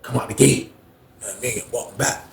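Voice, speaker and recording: A man's voice: mid-range voice, quick pace, gravelly. Slangy man telling stories, echoey room. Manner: slangy, animated, acts out dialogue. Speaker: storyteller recounting prison life. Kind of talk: casual storytime. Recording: echoey room with faint noise.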